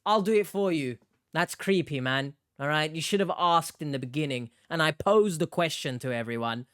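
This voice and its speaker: Blunt and exasperated, this commentator lectures in a middle-pitched voice. The sound is dry and close, with no room to it. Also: animated, moderate pace, fairly bright tone, clean tone, no room sound. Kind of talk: reaction commentary.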